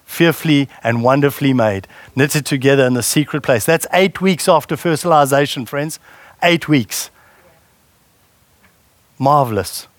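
A man's voice: medium pitch, no room sound. A man preaching a sermon in a conversational way and putting questions to the congregation. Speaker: pastor.

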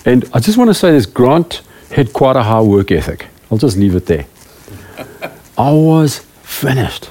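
A man's voice: medium pitch, very animated, measured pace, warm tone. A middle-aged man, a preaching elder, giving a rambling, self-deprecating talk to a small group of church leaders. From South Africa.

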